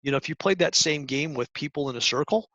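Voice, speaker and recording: A middle-aged man giving a talk to high school students, coaching earnestly with restarts and acted-out examples. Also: fast, sharp tone, no room sound. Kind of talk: presentation talk. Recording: dull lo-fi sound.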